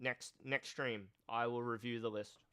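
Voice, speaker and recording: A male streamer with a nasal, cold-stuffed voice, chatting slowly and thoughtfully on a casual live stream. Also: medium pitch, steady tone, pushed and bright, clean tone, dry recording. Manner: slow, thoughtful, reads chat aloud. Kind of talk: casual live-stream chat about card games.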